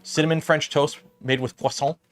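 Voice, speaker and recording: A man with a slightly raised speaking pitch hosts a casual livestream from his workbench and drifts between topics. He talks in a loose, rambling way full of "like" and "uh", and faint music plays underneath. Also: flat delivery, normal speed. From Canada. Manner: rambling, chatty, filler-heavy. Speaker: livestream host.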